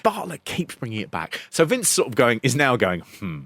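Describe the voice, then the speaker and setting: A man's voice: mid-range voice, very animated, brisk, a bit bright, no room sound. A man co-hosting a podcast, chatting casually and animatedly, laughing and quoting clips in funny voices. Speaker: podcast co-host. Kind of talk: casual review chat.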